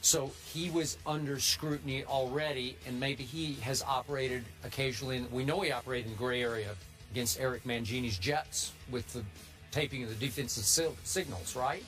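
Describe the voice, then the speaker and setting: A man hosting a sports debate show, building his argument point by point in a lively, pressing way. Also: mid-range voice, a little fast, faint music behind.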